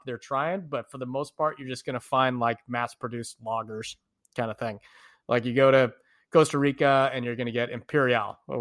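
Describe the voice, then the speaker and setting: A man's voice: mid-range voice, a bit bright. A man, a podcast co-host from the United States, animatedly telling travel stories in a casual chat, laughing often.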